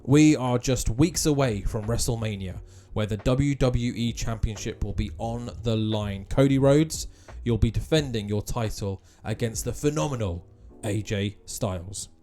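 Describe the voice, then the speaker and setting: A man's voice: mid-range voice, measured pace, warm tone, close to an everyday voice. A man voicing a composed male wrestling interviewer with a formal, announcer-like delivery.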